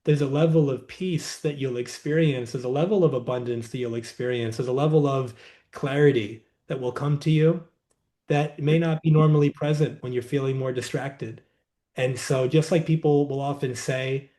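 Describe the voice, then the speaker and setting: A man as a podcast guest, calmly explaining a wellness practice in a reflective, conversational way, seated indoors. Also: medium pitch. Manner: reflective, unhurried, says "like" often. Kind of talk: conversational interview, teaching.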